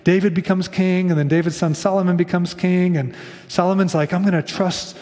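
Fairly high-voiced man preaching in a hall. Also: steady tone, fairly quick, mellow. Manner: casual storytelling preacher, acts out quotes. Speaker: pastor. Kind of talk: sermon.

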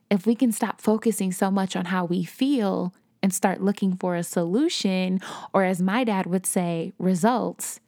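A woman's voice: medium pitch, a little mellow, dry recording, studio quality. A young woman hosting a podcast, telling a personal story in a candid, conversational way. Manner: candid, conversational, acts out quotes. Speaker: podcast host.

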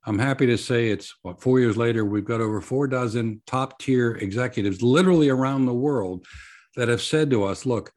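A man as an interview guest, a nonprofit founder describing how he started his work in an earnest, measured storytelling manner with quoted dialogue. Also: medium pitch, darkish tone.

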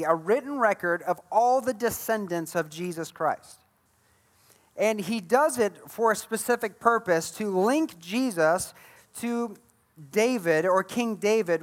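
High-voiced man preaching a lively sermon. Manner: animated storytelling, acts out Bible scenes. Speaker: pastor.

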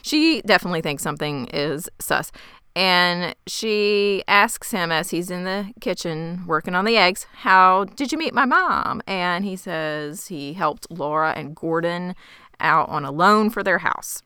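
Bright, crisp woman recapping a show. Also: lowish voice, unhurried, dry recording, clean studio sound. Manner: animated storytelling, mimics characters. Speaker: podcast co-host. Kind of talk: casual recap chat.

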